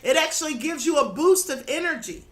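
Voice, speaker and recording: A woman's voice: high-pitched, lively intonation, a little fast. A woman hosting her own channel, giving an earnest spiritual teaching monologue with many asides to the listener and a voice that is starting to go. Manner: earnest, instructive, adds "okay?" and "you know". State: slightly losing her voice.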